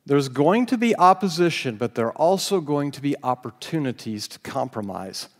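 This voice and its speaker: A man's voice: mid-range voice, very animated, moderate pace. A male pastor preaching a sermon, telling stories with self-deprecating humor and laughing now and then. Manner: storytelling, self-deprecating, laughs while speaking. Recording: long hall reverb.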